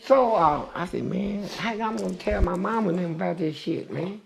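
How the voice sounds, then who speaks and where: An older man telling a long story as an interview guest, profane and animated. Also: sits high, moderate pace, gravelly, faint music behind.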